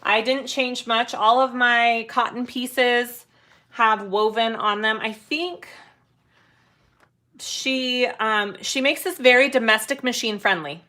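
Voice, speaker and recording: Chatty woman for a live sewing demo, bright and sharp, takes her time, talks through each step. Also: a little high, slow. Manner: chatty, explains steps while greeting viewers. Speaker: sewing tutorial host.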